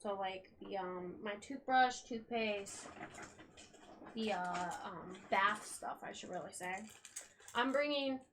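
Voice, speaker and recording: A woman's voice: medium pitch, slow. Rambling young woman streamer. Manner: rambling, chatty, swears casually. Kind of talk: casual live-stream chat. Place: at home, packing. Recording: steady background noise.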